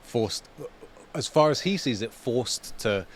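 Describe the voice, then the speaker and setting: A man's voice: medium pitch, lively intonation, normal speed, a little hiss or hum. Agreeable man in a casual podcast chat. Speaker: podcast co-host. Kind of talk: casual fan review chat.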